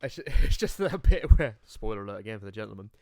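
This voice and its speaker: Low-voiced man, sweary and animated. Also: quick pace, no echo. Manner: swears freely, animated storyteller. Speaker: podcast host. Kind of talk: casual chat.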